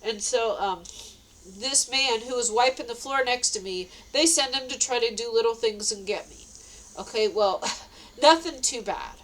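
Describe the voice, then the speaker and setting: A woman's voice: a little high, normal speed, a bit bright, rough recording. A tired woman telling a story in a casual monologue, laughing often and repeating herself.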